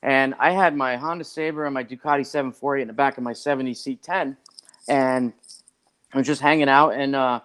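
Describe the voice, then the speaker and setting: A man who is a podcast guest, telling a long story in a rambling, animated way and acting out what other people said. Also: mid-range voice, fairly quick, clear, resonant tone. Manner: rambling and animated, acts out others' lines, many "like" fillers. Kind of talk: casual storytelling.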